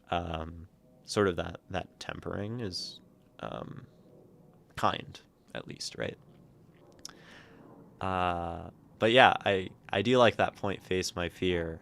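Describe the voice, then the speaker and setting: A man hosting a livestream, chatting casually and thoughtfully with many halting restarts. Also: low-pitched, gravelly, fairly bright tone. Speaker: livestream host reading community poetry.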